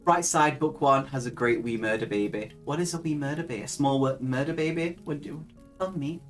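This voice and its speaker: A woman's voice: low-pitched, brisk, soft background music. A young woman hosting a casual live stream, chatting with viewers, reading their comments aloud and laughing often. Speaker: livestream host.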